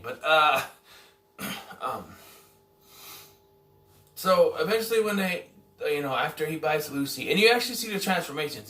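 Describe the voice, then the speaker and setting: A man casually reviewing a film, rambling and correcting himself as he goes. His voice is bright and forward. He sounds set back from the mic in an echoey room. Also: a little high, recorded from a distance. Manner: rambling, self-correcting, unsure of details. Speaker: movie reviewer.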